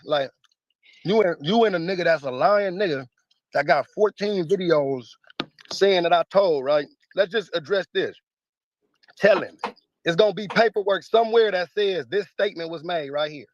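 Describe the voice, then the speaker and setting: A man's voice: high-pitched, no room sound, dull audio. A man speaking in a heated interview, combative, emphatic and profane. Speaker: battle rapper interviewee.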